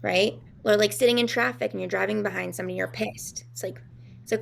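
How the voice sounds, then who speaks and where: A woman's voice: mid-range voice, a little fast, vocal fry. A woman co-hosting a talk show, speaking in a casual, reflective way and often searching for words with fillers and restarts. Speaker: podcast co-host.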